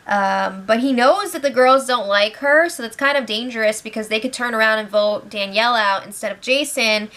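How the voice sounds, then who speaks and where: Chatty bright-voiced woman recapping. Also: a little high, moderate pace, hardly any pauses. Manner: chatty, laughs often, quotes people in lively voices. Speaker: reality show recap host. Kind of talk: casual spoiler recap. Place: home, with pets nearby.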